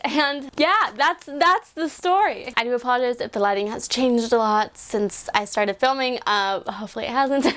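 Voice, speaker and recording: A woman in her twenties telling a story to the camera in a casual vlog, acting out quotes with squeals and excited shrieks. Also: on the high side. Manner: animated, acts out quotes with squeals and screams. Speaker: vlogger.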